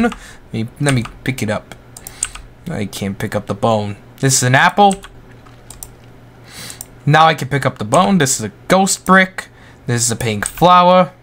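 Young guy rambling through a game tutorial, bright voice, swoopy pitch, kinda silly. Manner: goofy, rambling, excitable outbursts. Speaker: gaming YouTuber. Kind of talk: Roblox gameplay tutorial commentary.

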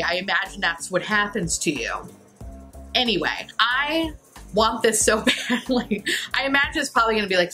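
A woman's voice: lowish voice, sharp tone. A woman doing a casual makeup review, blunt and profane, often breaking into giggles. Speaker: beauty YouTuber.

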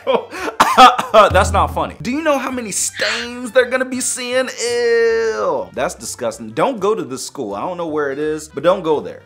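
A young man, a YouTuber, giving goofy comedic reaction commentary with sudden squeaky outbursts. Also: a bit bright.

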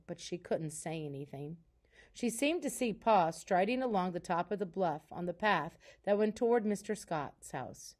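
A woman, a teacher, reading a children's novel aloud in a calm, soft storytelling voice. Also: fairly low pitch.

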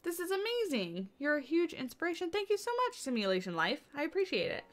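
A woman's voice: high voice, big pitch swings, fast. A tired woman chatting casually and thinking aloud as she builds during a game livestream, greeting viewers by name. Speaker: game streamer. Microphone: desk mic on boom arm.

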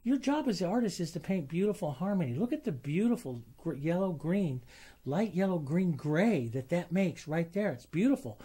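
Middle-aged guy teaching painting, kinda high voice, husky, soft and enthusiastic. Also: expressive, normal speed. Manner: gentle, enthusiastic, repeats "beautiful" and "like this". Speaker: painting instructor. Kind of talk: painting demonstration.

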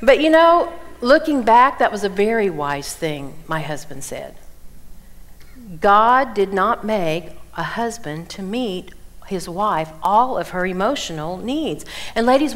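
A woman in her sixties teaching the Bible at a women's conference, telling stories with animated delivery and acting out the people she quotes. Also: mid-range voice. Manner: animated storytelling, acts out quoted voices.

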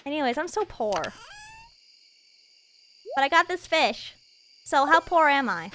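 A young woman streaming a video game live, rambling and joking at herself, swinging from mumbled asides to loud excited bursts. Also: high-pitched, measured pace, a little hiss or hum. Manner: rambling, self-mocking, jumps between mumbling and loud excitement. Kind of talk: live gameplay stream chatter.

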